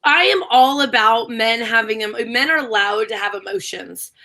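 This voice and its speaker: Woman, co-host, bright tone, candid casual chat. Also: on the high side, normal speed. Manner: chatty, giggly, candid.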